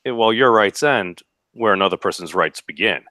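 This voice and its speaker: A man's voice: lowish voice, normal speed, no room sound, studio quality. A man rambling animatedly as a panelist on an online video call. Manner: rambling, animated, says frickin'. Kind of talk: casual banter in an online hangout.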